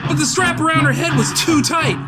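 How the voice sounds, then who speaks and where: A man's voice: very high voice, brisk. A man playing a manic young male killer who lectures with sneering contempt and bursts into cackling. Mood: gleeful. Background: loud music.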